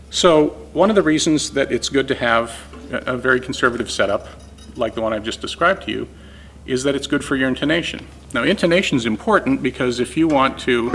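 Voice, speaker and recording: A man's voice: mid-range voice, creaky, a bit bright. A man teaching guitar setup in a casual, step-by-step way while demonstrating on an instrument. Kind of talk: informal technical explanation.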